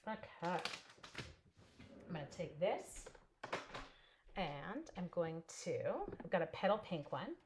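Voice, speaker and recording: A woman's voice: lowish voice, lively intonation, takes it slowly, pauses often, background noise. A woman in her forties, chatty and bubbly, telling stories and laughing as she demonstrates a papercraft project. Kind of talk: casual live crafting demo.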